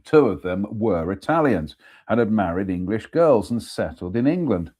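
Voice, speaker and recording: A man's voice: on the low side, big pitch swings, normal speed, darkish tone, husky. Man reading a ghost story aloud. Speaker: storyteller host.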